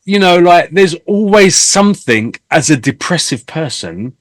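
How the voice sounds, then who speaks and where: A man in his fifties, a singer hosting a casual interview, talking candidly and telling stories with animated swearing. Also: fairly high pitch, a little slow, dry recording. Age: 50s. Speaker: host and singer.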